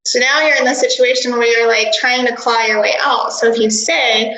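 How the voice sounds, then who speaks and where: A woman coach teaching a workshop, energetic and instructive, often giggling. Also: a little high, moderate pace, echoey room, lo-fi sound. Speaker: dental practice coach.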